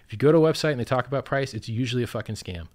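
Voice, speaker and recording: A man ranting in a casual chat, swearing constantly, with sudden loud outbursts and sarcastic mock quotes. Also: mid-range voice, very fast. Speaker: crypto project founder, guest.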